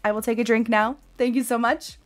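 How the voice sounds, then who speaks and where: A woman's voice: fairly high pitch, fairly even intonation, fairly quick, soft background music. A woman in her thirties streaming a game live, chatting with viewers, laughing often and crying out while she plays.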